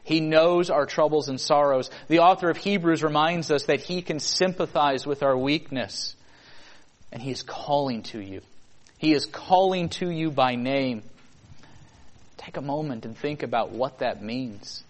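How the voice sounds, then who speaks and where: A man's voice: on the high side, unhurried. A man preaching a sermon, earnest and full of rhetorical questions, building to emphatic peaks.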